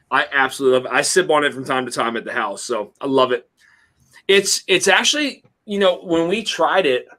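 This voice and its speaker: A man with a bright, forceful tone hosts a relaxed group conversation. He rambles, restarts sentences and stacks up fillers as he thinks aloud. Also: mid-range voice. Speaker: host of a whiskey review livestream. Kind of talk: casual group chat.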